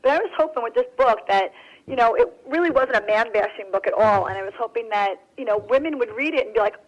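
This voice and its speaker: A woman's voice: fairly high pitch, expressive, quick pace, highs cut off. A woman guest on a radio interview, talking in a bubbly, rambling way with lots of fillers. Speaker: author and guest. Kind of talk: casual radio interview chat.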